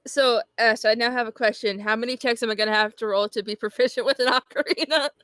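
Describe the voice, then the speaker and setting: A woman's voice: fairly high pitch, fairly even intonation, fast, fairly bright tone, smooth, no echo, clean studio sound. A woman player chatting casually during a tabletop game break, bubbly and full of energy, laughing often.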